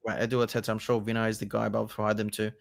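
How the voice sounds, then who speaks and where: A man's voice: on the low side, completely flat delivery, racing, creaky, a crowd in the background. A young man hosting a casual football chat, ranting with passion and swearing freely. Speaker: host.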